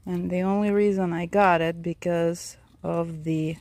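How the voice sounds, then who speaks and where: In her outdoor orchid garden, this channel host chats breathlessly in the heat, addressing her plants as much as her audience during a casual tour. She speaks a little slowly in a lowish, steady, darkish voice, and the recording carries no room sound.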